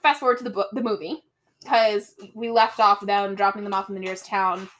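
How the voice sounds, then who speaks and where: A woman's voice: mid-range voice, fairly quick. A young woman co-hosting a podcast, animatedly retelling a book's plot and mimicking its characters. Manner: animated storytelling, mimics characters, laughs often. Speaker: podcast co-host. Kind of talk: casual chat comparing book and movie.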